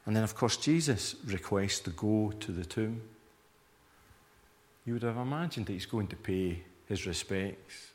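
A man preaching a sermon in a low, conversational voice. He keeps asking listeners to picture themselves in the scene, and a long hall reverb trails after each phrase. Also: lively intonation, unhurried. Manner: conversational, invites listeners to imagine the scene, acts out reactions.

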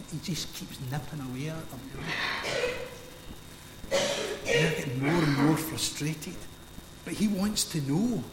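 With a fairly high-pitched voice, a Scottish man preaches a sermon, telling it like a conversational story and acting out scenes from the Bible. The recording is from a large hall or church, echoey with a long reverb, and there's background noise.

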